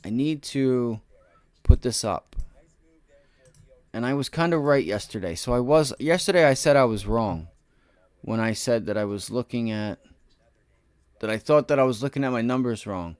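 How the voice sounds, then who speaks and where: A man hosting a day-trading livestream, giving slangy, boastful live market commentary straight to his viewers. He swings between loud excited bursts and low mutters to himself. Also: moderate pace, long pauses, smooth, no echo.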